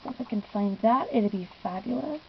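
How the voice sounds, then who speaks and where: A woman's voice: mid-range voice, brisk, dull audio, noisy background. A young woman telling a giggly, gushing story in a casual vlog, often acting out what she said. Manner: gushing, giggly, lots of "I was just like". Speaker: fan vlogger.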